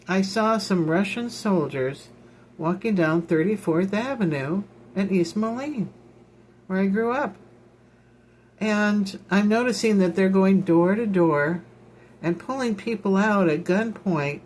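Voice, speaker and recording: Slow, folksy woman minister. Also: fairly low pitch, a little mellow, slight background noise. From Illinois, United States. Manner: rambling, repeats herself, folksy asides. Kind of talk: informal ministry talk.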